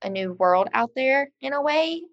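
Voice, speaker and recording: A woman with a Southern accent, a podcast guest, talking in a relaxed way about growing up. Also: high voice, moderate pace, dull audio. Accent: Southern American. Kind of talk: casual conversation.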